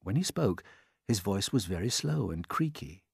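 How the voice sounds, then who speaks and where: A man narrating a children's storybook in an expressive, unhurried way. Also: on the low side, gravelly, breathy edge, no echo, studio quality. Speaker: audiobook narrator.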